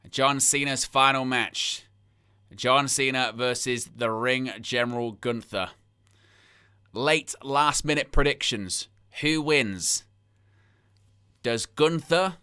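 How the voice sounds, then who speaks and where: Bright, crisp-voiced man, passionate live host. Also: mid-range voice. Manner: passionate and emphatic, repeats phrases for effect; reads out and answers viewer chat comments. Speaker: host of a live wrestling watch-along stream. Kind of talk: casual live-stream chat.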